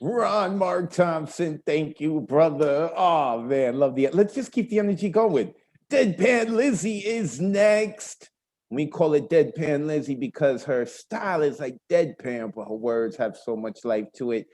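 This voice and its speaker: A man's voice: fairly high pitch, expressive, measured pace, darkish tone. A man hosting an online open mic, introducing poets with hyped, friendly banter. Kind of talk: casual emcee patter.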